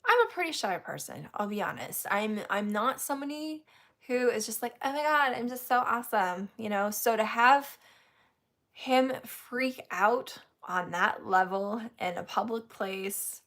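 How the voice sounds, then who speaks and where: A woman's voice: on the high side, animated, measured pace, a bit bright. A woman hosting a casual chat, telling a story candidly and laughing often. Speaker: host.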